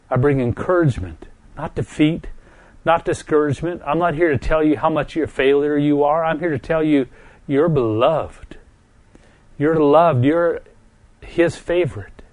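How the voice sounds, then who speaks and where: Preaching with gentle earnestness, this middle-aged man speaks in a mid-range voice with no room sound. He is still recovering from a stroke, so he pauses often, repeats words, and gets emotional easily.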